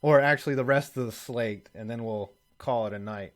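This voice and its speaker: Male sports stream host, mid-pitched, profane and ranty, off-the-cuff banter. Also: a little fast, crowd noise. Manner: profane, ranting hot takes. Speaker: sports talk show host. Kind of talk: casual live-stream banter.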